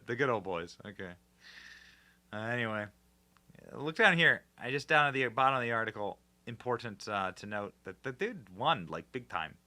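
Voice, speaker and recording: A young man hosting political commentary in a casual, animated and sarcastic way, with many fillers and restarts. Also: medium pitch.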